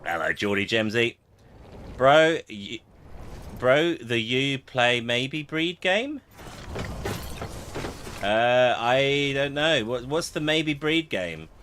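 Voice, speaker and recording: Brief: male streamer, mid-pitched, casual muttering chat over loud game audio. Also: lively intonation, slow, long pauses, slight background noise. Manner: chatty, greets chat viewers, mutters while playing. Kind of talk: casual live-stream chat while gaming.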